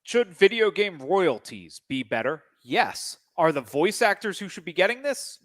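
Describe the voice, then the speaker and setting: A man's voice: high voice, sing-song, a little slow, a bit bright. A man co-hosting a podcast, explaining his points in casual, opinionated chat.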